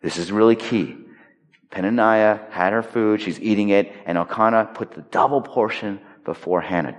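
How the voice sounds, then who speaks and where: A male pastor giving a conversational, emphatic sermon, swinging between loud stressed lines and hushed quiet points. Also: fairly low pitch, moderate pace. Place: large hall. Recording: long reverb of a large hall.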